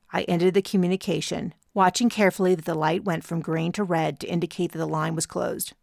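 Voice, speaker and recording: A woman narrates a first-person audiobook with a measured storytelling delivery. Her voice sits low with a gravelly grain. The recording is dry and close, with no room around it. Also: fairly even intonation, a little mellow, no room sound.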